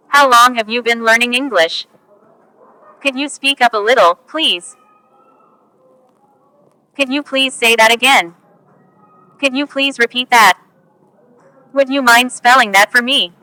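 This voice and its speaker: Woman reading english phrases for learners, slow and careful, dry close sound. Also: fairly high pitch, pushed and bright, no room sound, rough recording. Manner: slow, careful, each phrase spoken on its own. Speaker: English teacher.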